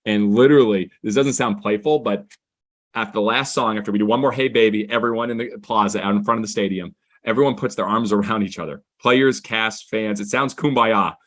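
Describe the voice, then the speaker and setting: Man, guest on a chat show, eager storyteller, lowish voice, runs on with excitement. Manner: excited, fast-flowing anecdotes; gets softer and emotional when reflecting. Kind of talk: conversational storytelling.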